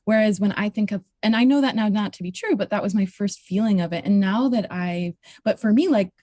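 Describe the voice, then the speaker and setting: A woman's voice: mid-range voice, a little fast, mellow, no echo. A woman coach speaking as a podcast guest in casual chat, reflective and sometimes searching for her words, with occasional swearing. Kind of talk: casual conversational interview.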